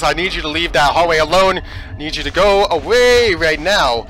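Gamer guy with a high, sharp voice, ranting at the game, from yelling to muttering. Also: moderate pace, faint music behind. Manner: ranting, swearing at the game, swings between yelling and hushed muttering. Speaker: let's play gamer. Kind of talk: live gameplay commentary.

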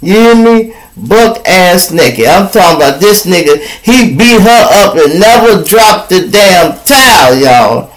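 A man's voice: high-pitched, lively intonation, unhurried, low-quality recording. A man from Chicago hosting a podcast, giving casual, profane commentary and acting out quoted people in raised voices. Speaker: podcast host.

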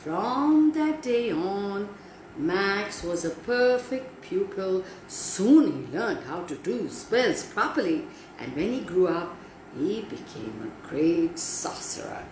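A woman's voice: fairly low pitch, sing-song. A woman storyteller reading a storybook aloud to children and chatting with them, asking questions in a teacherly way. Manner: slow, warm, teacherly, asks children questions. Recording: roomy echo, faint room noise.

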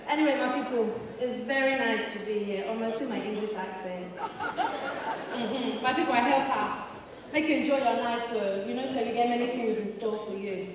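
A woman's voice: on the high side, noisy background. A woman doing a chatty stand-up comedy set, teasing the crowd with lots of interjections, on a theatre stage through a hall PA. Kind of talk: stand-up set in Nigerian Pidgin. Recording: echoey theatre hall from a distance.

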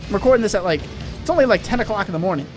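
A young man with a high, bright voice runs an excitable let's-play commentary, rambling through jokes and shouting at his teammates. Soft music plays underneath him. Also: rapid-fire. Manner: hyper, rambling, yells at teammates. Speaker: gaming channel host.

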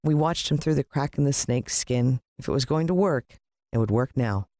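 A narrator reading a children's adventure story aloud in an expressive way, with the pitch leaping up in the dialogue. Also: moderate pace, no room sound, clean studio sound.

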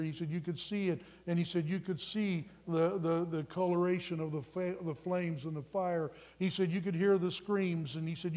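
In the church sanctuary, a young pastor in his 20s delivers a sermon with a high, mellow voice. He shares a personal story with earnest feeling and works up to forceful appeals.

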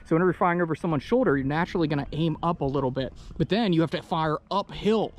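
A man explaining history in a measured, matter-of-fact way during an outdoor walking tour on a hillside, recorded on a body-worn action camera. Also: fairly high pitch. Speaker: battlefield tour guide.

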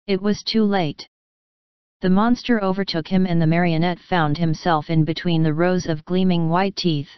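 A woman narrating a children's classic as an audiobook reader, gently addressing the listening children. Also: on the low side, clean tone, no echo. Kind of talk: scripted storybook narration. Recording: slightly muffled, dry.

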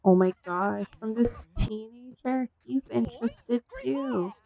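A woman commentating casually on her own gameplay, gasping and voicing the characters in quick asides. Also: a little high, creaky, warm tone, poor audio. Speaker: gameplay streamer. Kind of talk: casual let's-play commentary.

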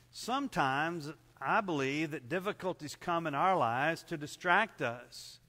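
A man preaching a sermon in an earnest, measured way, dropping softly for emphasis. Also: animated, big-room sound. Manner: earnest, measured, drops to soft low tones for emphasis. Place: church service at a camp.

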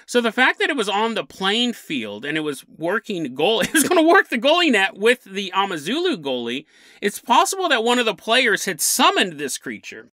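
A man's voice: high-pitched, huge pitch swings, normal speed, pushed and bright, no echo. A man hosting a paranormal podcast, telling a story with lots of energy and chuckling mid-sentence. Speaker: podcast host.

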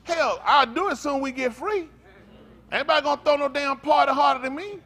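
This older pastor's profane, fiery sermon runs a little fast, alternating loud eruptions with low, exhausted mumbles.

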